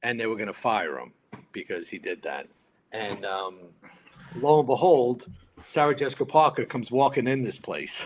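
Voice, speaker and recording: Animated storytelling man in his fifties. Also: mid-range voice, moderate pace, slight background noise. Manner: animated storyteller acting out others' lines. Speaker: guest, retired firefighter turned actor. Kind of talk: casual storytelling.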